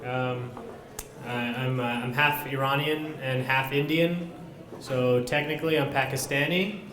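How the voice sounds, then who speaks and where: A young man from Southern California doing deadpan, self-deprecating stand-up comedy at a college student center, with filler pauses. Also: medium pitch, background noise. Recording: echoey room.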